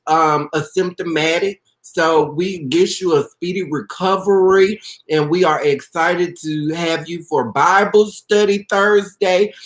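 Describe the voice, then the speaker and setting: Give me a woman chatting on a live stream, effusive and affectionate, calling viewers by name and praying out loud. She talks slowly, and her voice carries a roomy echo. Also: lowish voice. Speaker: orchid pot seller hosting a live video. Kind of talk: casual live-stream chat.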